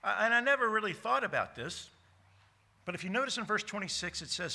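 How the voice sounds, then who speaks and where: Male pastor, sermon delivery, bright edgy tone, emphatic with restarts. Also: sits high, sing-song, gravelly. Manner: emphatic, repeats key words slowly, frequent restarts. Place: church sanctuary.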